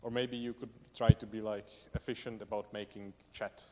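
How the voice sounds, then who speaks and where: A man's voice: lowish voice, flat delivery, moderate pace. A man presenting at a tech meetup and answering audience questions in a loose, conversational way, while losing his voice. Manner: loose and conversational, many fillers, builds lists. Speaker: conference speaker. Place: meetup hall. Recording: hall reverb with faint noise.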